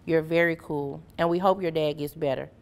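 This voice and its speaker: A woman's voice: low voice, steady tone, normal speed, creaky, a little mellow, clean tone. Woman reading as an apologetic young schoolboy. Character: young schoolboy bully, now ashamed and apologetic.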